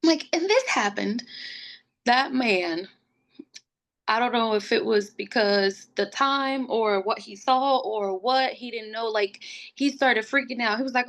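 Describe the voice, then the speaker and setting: A woman's voice: fairly high pitch, slow pace. A young woman, a podcast guest, telling a personal story casually and acting out what others said. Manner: animated, acts out quotes of others.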